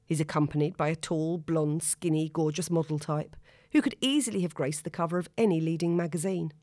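A woman narrating a story in a steady, expressive reading. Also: sits low, a little fast, no room sound, clean studio sound. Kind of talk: audiobook narration.

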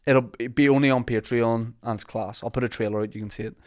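A man's voice: medium pitch, fairly even intonation, fast. A man with a Northern Irish accent hosting a podcast, chatting jokily and reading sponsor ads in a rambling, loose way. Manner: rambling, jokey, with fillers and restarts. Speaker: podcast host. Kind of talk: casual podcast chat and sponsor reads.

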